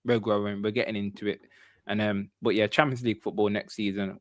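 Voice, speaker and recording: A man's voice: on the low side, level tone, fairly quick, no room sound, clean studio sound. A man hosting a casual football fan podcast, upbeat and prone to repeating his phrases. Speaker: podcast host.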